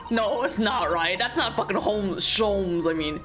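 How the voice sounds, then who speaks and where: A woman's voice: mid-range voice, unhurried, few pauses, fairly bright tone. A woman giving casual commentary while playing a story game, rambling and self-deprecating, swearing now and then. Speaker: let's play streamer. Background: game music.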